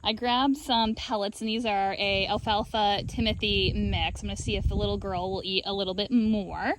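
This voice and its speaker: A woman sheep farmer filming a casual vlog outdoors in her pen on a handheld camera, chatting and coaxing her animals in a high sing-song. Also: steady tone, normal speed, slight background noise. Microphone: handheld camera while working.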